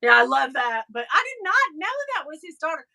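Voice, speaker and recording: A woman hosting a live stream. She chats casually and tells animated stories, once a radio interviewer. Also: high-pitched, fairly quick, gravelly. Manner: chatty, animated storyteller with frequent laughs. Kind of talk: casual chat.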